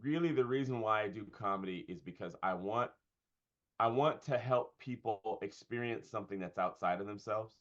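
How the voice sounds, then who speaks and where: A man with a lowish voice talks through ideas in a relaxed interview, circling back with frequent fillers and restarts. The recording sounds dull and lo-fi. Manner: thoughtful, halting with fillers and restarts. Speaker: pastor and comedian. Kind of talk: conversational interview.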